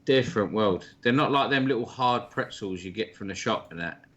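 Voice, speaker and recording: A man's voice: mid-range voice, expressive, brisk, pushed and bright, lo-fi sound. A man chatting casually on a livestream, swearing freely in blokey banter. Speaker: stream co-host. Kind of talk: casual chat.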